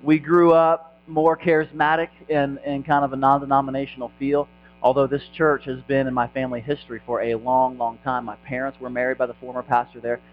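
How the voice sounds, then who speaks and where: A man's voice: medium pitch, level tone, brisk, soft background music. A man from Indiana who pastors a church, speaking as a guest at a church service with self-mocking humor and lots of ums. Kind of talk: casual sermon talk. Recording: dull sound with faint mains hum.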